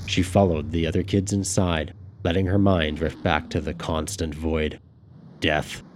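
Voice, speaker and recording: A man narrating a dark novel in a measured storytelling manner. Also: low-pitched. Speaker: audiobook narrator. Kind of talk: scripted narration.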